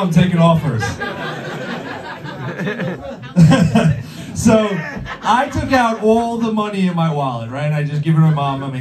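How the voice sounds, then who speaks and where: A man's voice: on the high side, animated, normal speed, a crowd in the background. A young man doing a stand-up routine on a comedy club stage, crude and rambling with lots of filler words. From Long Island, New York. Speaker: stand-up comic. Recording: roomy club sound, heard from a distance.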